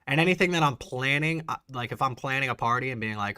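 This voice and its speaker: A man hosting a casual livestream, chatting excitedly and answering viewers' messages. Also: medium pitch, fast, dry recording, studio quality. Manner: chatty, reads and answers live chat, excitable. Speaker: bourbon channel host.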